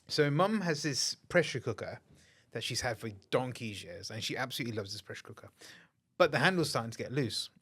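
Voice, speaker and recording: A man's voice: mid-range voice, expressive, fairly quick, a bit bright, breathy edge. A man co-hosting a podcast, telling a story bluntly in casual chat and swearing freely. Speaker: podcast co-host.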